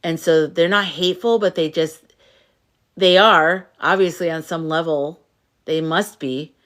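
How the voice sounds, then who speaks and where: A woman's voice: low-pitched, measured pace, a bit bright. A woman hosting a casual livestream, reading viewer comments aloud and reacting to them, sounding tired. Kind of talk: casual live-stream chat.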